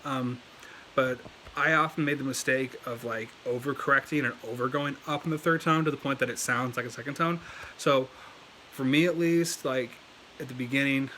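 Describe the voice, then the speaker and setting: Man, casual language lesson, rambling, fillers, mid pitch, faint hiss. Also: steady tone, normal speed, bright, forceful tone. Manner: rambling, lots of fillers and restarts. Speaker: language learning video host. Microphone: desk setup, moves around in his chair.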